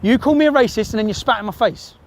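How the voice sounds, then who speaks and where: A man filming himself in a car park and shouting swear-laden accusations in a heated confrontation. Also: high voice, quick pace, slight background noise. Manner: aggressive, swearing, repetitive accusations. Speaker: filmmaker confronting people on camera.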